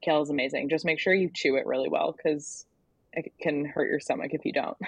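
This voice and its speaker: Low-voiced woman guest, dry sound. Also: a little fast, breathy edge, no echo, lo-fi sound. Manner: upbeat, laughs often, relaxed. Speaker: guest, food content creator. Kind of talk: casual interview chat.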